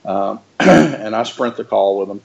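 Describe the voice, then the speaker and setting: A man's voice: fairly low pitch, lively intonation, unhurried, vocal fry, lo-fi sound. A man, a paramedic, telling a wry story casually and animatedly, full of fillers. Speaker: paramedic guest.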